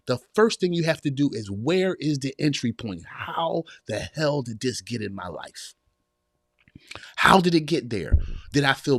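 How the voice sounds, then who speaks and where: A man's voice: a little high, no room sound, studio quality. A man hosting a podcast, giving an emphatic motivational talk and often turning to his listeners with a question. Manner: emphatic, repeats phrases, asks the audience "y'all hear me?". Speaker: podcast host.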